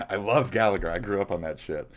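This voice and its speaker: A man's voice: deep voice, moderate pace, a crowd in the background. A man from Minnesota, live-streaming and reacting to clips, talking in a blunt, profane way. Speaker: livestreamer.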